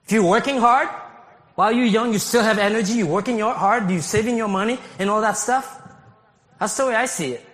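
A man from Haiti preaching a sermon as pastor, animated, laughing often and rising to shouts. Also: high-pitched, a little fast. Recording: long hall reverb.

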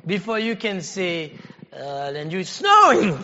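A male pastor delivers a sermon in a loose, talky way and then climbs into forceful shouting. His voice sits very high and sounds sharp and bright. It rings through a reverberant church hall, and the recording is a little dull. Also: sing-song, slow. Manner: conversational preaching, rising to shouted exhortation. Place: church sanctuary.

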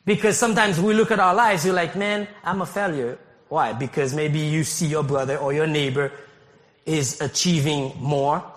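High-voiced pastor from Haiti preaching. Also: male voice, moderate pace. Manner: animated, rises to shouting, laughs often. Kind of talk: sermon. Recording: long hall reverb.

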